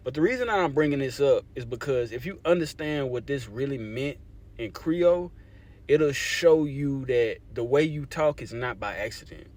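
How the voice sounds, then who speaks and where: A man's voice: medium pitch, expressive, moderate pace, darkish tone. A young adult man from Louisiana in a casual talk to camera, explaining things conversationally and often checking in with his listeners. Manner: conversational, repeats "you see what I'm saying". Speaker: language advocate.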